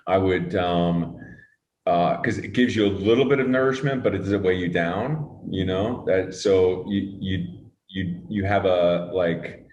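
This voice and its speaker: A man's voice: low-pitched, a little slow, a little mellow, echoey room, highs cut off. A man being interviewed as a guest, talking thoughtfully with many fillers and restarts and some casual swearing. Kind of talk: relaxed conversational interview.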